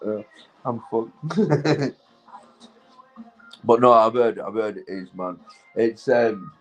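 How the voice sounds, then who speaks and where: A man's voice: mid-range voice, rough recording. A man with a Yorkshire accent from England, stoned and tipsy, rambling, swearing and laughing as he chats casually with viewers on a livestream. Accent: Yorkshire English. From Keighley, Yorkshire, England. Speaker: livestream host.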